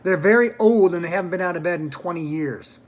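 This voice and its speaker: A man's voice: high-pitched, fast, close to an everyday voice. A man voicing an eager, kind young boy in a read-aloud storybook. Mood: earnest. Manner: earnest, excited.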